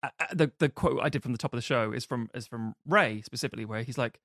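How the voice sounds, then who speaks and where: Animated man recounting film scenes. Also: medium pitch, fast, no room sound, clean studio sound. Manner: animated, recounts scenes acting out quotes and laughing. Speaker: podcast co-host. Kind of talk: casual film chat.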